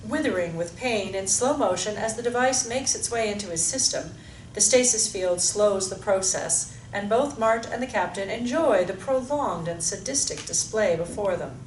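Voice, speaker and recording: A woman reading stage directions aloud in an even, descriptive way. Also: mid-range voice, normal speed. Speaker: narrator. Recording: echoey room, mic far off, faint hiss.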